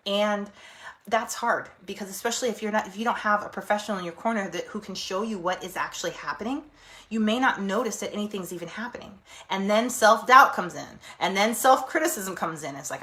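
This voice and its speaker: Animated woman therapist, casual teaching. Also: medium pitch, fairly quick. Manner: animated, acts out inner voices, laughs often.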